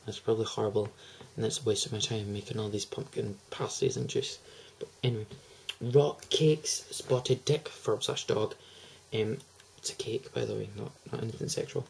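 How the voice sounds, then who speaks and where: A man's voice: fairly low pitch, steady tone, moderate pace, gravelly, few pauses, breathy edge, low-quality recording. A teenage boy, chatting to camera in a hyper, gushing, rambling way. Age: teens. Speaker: vlogger. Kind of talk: casual chat to camera.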